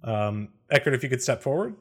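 A man narrating as game master of a tabletop game, laughing often and filling pauses with "uh" and "um". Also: mid-range voice, big pitch swings. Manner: laughs often, many fillers.

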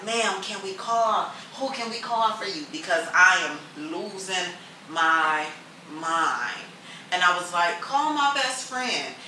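A woman's voice: on the low side, bright, forceful tone, slight background noise. A middle-aged woman telling a personal story in casual chat, emotional and laughing through it. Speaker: guest sharing a personal story. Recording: echoey room, far from the mic.

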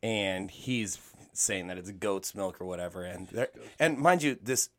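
A man in a casual movie chat, retelling a scene in a low-key way. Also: expressive, normal speed, fairly bright tone. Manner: low-key storytelling, laughing asides.

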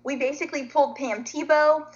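A woman guest on a talk show, telling a story in a lively, chatty way and acting out what other people said. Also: high voice, a little fast, muffled recording. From Nashville, Tennessee. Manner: animated, chatty storyteller who acts out quotes. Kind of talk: casual storytelling.

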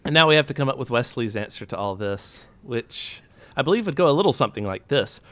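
A man's voice: mid-range voice, lively intonation, fast talker, fairly bright tone. A man co-hosting a podcast, chatting casually, incredulous and profane. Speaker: podcast co-host. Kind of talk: casual chat.

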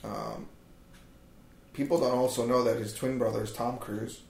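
A man's voice: mid-range voice, fairly even intonation, moderate pace, creaky, darkish tone. A man joking in sarcastic, mock-conspiratorial banter, often swearing as he co-hosts a comedy podcast. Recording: roomy echo.

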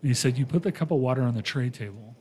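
A man on a casual podcast, telling a long story in a mid-pitched voice. He acts out the lines of the people in it and keeps the retelling lively. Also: racing, slightly rough. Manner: animated retelling with quoted voices. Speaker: podcast host.

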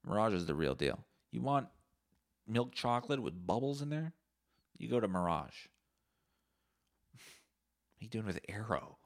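A man's voice: fairly low pitch, big pitch swings, measured pace, long pauses, dry recording, studio quality. A man, hosting a solo podcast and rambling through profane, jokey stories. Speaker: podcast host. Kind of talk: solo comedic podcast monologue.

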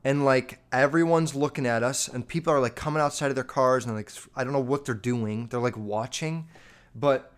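A man's voice: mid-range voice, moderate pace, clear, resonant tone. Rambling, profane male storyteller. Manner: profane, rambling, filler-heavy with constant "like"; animated, addresses listeners directly. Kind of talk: casual storytime monologue.

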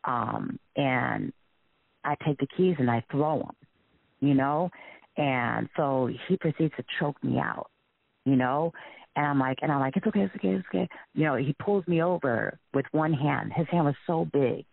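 Gravelly man on a tinny phone line. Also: medium pitch, no echo. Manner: halting, shaken retelling with many restarts. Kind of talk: emotional personal testimony.

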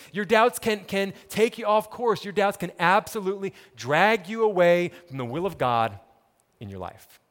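Animated preaching man, lively voice in a hall. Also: medium pitch. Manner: animated, emphatic preaching with rhetorical repetition. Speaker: pastor. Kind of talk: sermon.

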